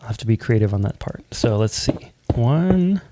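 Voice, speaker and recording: A man's voice: on the low side, little pitch movement, fast talker, background noise. A man hosting a building tutorial, talking casually and thinking aloud as he places blocks, often humming or counting under his breath. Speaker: Minecraft building channel host.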